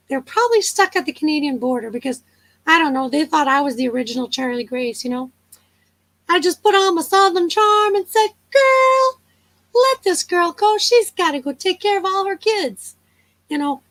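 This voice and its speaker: A woman's voice: sits high, dry recording, rough recording. A woman hosting a casual live chat, telling stories, chatting with viewers and laughing often. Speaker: livestream host.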